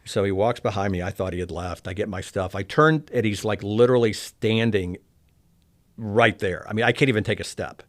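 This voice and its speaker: A middle-aged man from Oklahoma telling a candid personal story, soft-spoken and reflective, often trailing off quietly. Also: lowish voice, a little fast. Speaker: interview guest.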